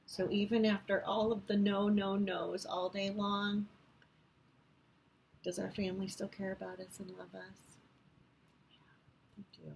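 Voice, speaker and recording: A young woman teaching kindergarten online, reading a picture book and explaining an assignment in a gentle sing-song way with lots of "okay?" check-ins. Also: mid-range voice, creaky, a little hiss or hum, poor audio. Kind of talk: reading aloud and giving an assignment to young children.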